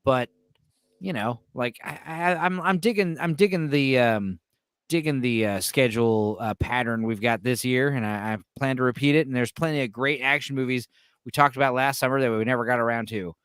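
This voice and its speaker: A man hosting a casual late-night chat with friends, rambling and animated with lots of restarts. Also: mid-range voice, normal speed, clean tone, dry recording, studio quality. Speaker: podcast host.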